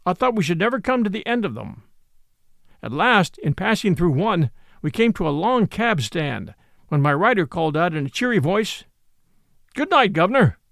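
A man's voice: high-pitched, moderate pace, gravelly, no room sound, clean studio sound. A man narrating a classic novel aloud as storybook narration, reading expressively and voicing every part. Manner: expressive reading, voices all parts.

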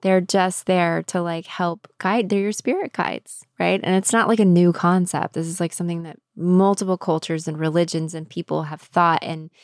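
A woman co-hosting a podcast, upbeat and quick to laugh, talking reflectively. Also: on the low side, steady tone, dry recording, clean studio sound. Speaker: podcast co-host. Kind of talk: casual chat.

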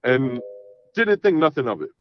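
A man's voice: medium pitch, very animated, normal speed, no echo. A man telling a long personal story in casual, rambling talk, full of swearing and "I'm like" asides. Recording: dull lo-fi sound.

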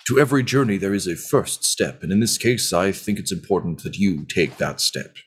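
A solemn knight speaks in slow, formal phrases, as a man plays him. His voice sits very low and unhurried. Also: husky. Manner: formal, measured. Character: formal, dignified older male knight leader.

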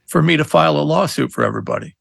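Talking very fast in a slightly high, creaky, somewhat bright voice, a middle-aged attorney recounts stories as a podcast guest. His interview manner is earnest and emphatic, full of restarts, and the recording is dry.

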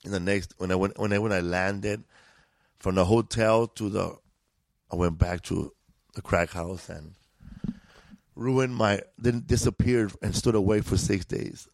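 Slangy, profane LA comedian. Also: male voice, fairly low pitch, measured pace, creaky, darkish tone, no room sound. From East Los Angeles. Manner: profane, laid-back, drawling street slang. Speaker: guest comedian. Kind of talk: casual storytelling.

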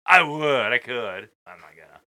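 A man's voice: medium pitch, sing-song, moderate pace, sharp tone. A man co-hosting a casual podcast, chiming in with jokes and wisecracks. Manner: wisecracking, joking asides. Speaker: podcast co-host.

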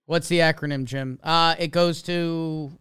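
A man's voice: on the high side, steady tone, measured pace, a bit bright, clear, resonant tone, dry recording, clean studio sound. A man co-hosting a podcast, chatting about baseball in a laid-back, wry way. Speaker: podcast co-host. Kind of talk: casual sports chat.

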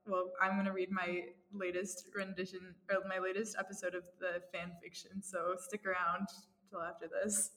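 A young woman co-hosting a casual podcast, giggling and reading her own fan fiction aloud quickly. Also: mid-range voice, little pitch movement, fairly bright tone. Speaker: podcast co-host. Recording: echoey room with long reverb.

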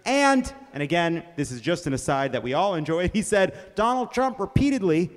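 High-voiced comedy host in a reverberant hall. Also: male voice, normal speed. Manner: energetic, breaks into laughter. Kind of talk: live comedy news monologue. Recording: reverberant live venue.

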